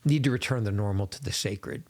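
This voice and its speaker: A man hosting a podcast, speaking in an earnest, measured, literary monologue. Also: lowish voice, a little mellow. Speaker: podcast host.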